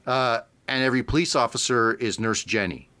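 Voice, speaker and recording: A man's voice: mid-range voice, brisk, bright, forceful tone. A man co-hosting a podcast, explaining things in casual chat and laughing easily. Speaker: podcast co-host.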